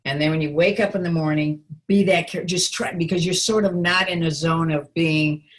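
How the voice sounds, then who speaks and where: A woman voice actress and coach chatting casually in an interview, relaxed and playful, with plenty of fillers. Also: deep voice, normal speed.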